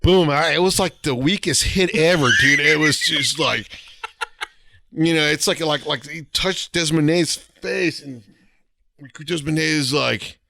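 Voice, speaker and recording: A man co-hosting a podcast, telling boot camp stories in a casual, animated, profane way with acted-out quotes. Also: on the high side, a little slow, gravelly, no room sound, clean studio sound. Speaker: podcast co-host. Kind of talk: casual storytelling chat.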